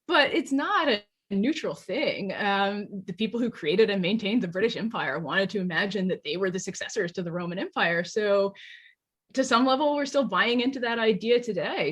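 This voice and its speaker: A woman scholar talks through her points in a husky, slightly breathy voice, explaining at length like a lecturer. She keeps a medium pitch and drops in dry, wry asides along the way. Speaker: guest archaeologist and classics professor. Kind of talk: podcast interview.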